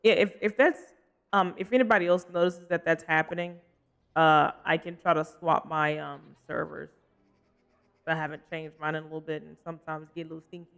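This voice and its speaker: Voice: medium pitch, fairly even intonation, a little fast, gravelly, a bit bright, smooth. Chatty young streamer rambling over gameplay. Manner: chatty and rambling, laughs often, answers chat. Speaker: livestreamer. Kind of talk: casual gameplay commentary.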